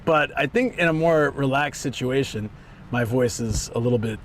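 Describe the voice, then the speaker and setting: A man chatting on a live stream, excitable and rambling, who swings between a higher hyped voice and a deeper relaxed one, his voice strained from hours of talk. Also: moderate pace, a little hiss or hum. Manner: rambling and excitable, trailing off and restarting. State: voice strained from talking a lot. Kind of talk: casual live stream chat.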